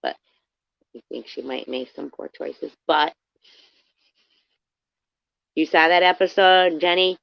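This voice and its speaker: A woman rambles through a casual live-stream chat with her viewers, cursing freely and calling out people in the chat by name. Her voice has a gravelly fry to it. The sound is dry and a bit dull, like lo-fi stream audio. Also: low-pitched, slow, pauses often, no echo.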